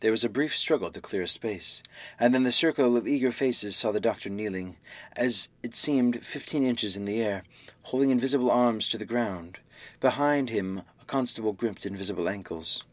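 A man reading a classic novel aloud, with measured, dramatic storytelling. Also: on the low side, a bit bright, no room sound. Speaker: audiobook narrator. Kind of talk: scripted narration of a classic novel.

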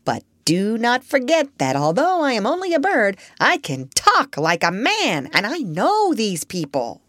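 A woman's voice: fairly high pitch, huge pitch swings, a little slow, fairly bright tone, dry recording, clean studio sound, voice pushed up, heavily acted. A woman voicing a clever, confident female parrot in a storybook reading.

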